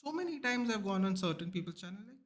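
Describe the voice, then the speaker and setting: A man's voice: sits high, quick pace. A young man from Goa, India, ranting heatedly and profanely in casual chat while streaming. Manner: heated, profane, animated storytelling. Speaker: sports watchalong streamer.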